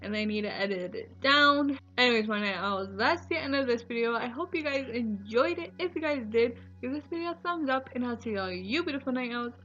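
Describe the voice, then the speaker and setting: A young woman vlogs to her viewers, her voice pitched a little high and strongly bright. She rambles along in casual storytelling, leaning on "like" as she goes. The recording sounds dull and lo-fi, with faint music underneath. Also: expressive, a little fast, few pauses. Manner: chatty, rambling, many "like" fillers. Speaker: vlogger.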